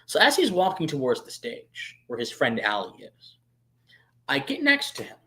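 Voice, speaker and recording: A man hosting a live stream, telling a long personal story in a chatty way, full of fillers, restarts and sudden swings between hushed asides and loud bursts. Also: medium pitch, wildly swooping pitch, moderate pace. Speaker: streamer and show host.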